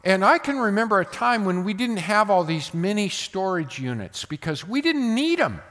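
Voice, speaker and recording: A man's voice: high voice, big pitch swings, moderate pace. Older male pastor preaching in a hall. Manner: emphatic, swinging between loud bursts and hushed asides. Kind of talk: sermon.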